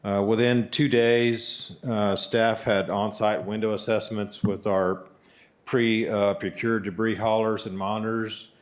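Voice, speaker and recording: Man, low voice, flat delivery, formal report, pausing with uh. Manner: measured, with frequent "uh" pauses. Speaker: city staff presenter. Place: council chambers.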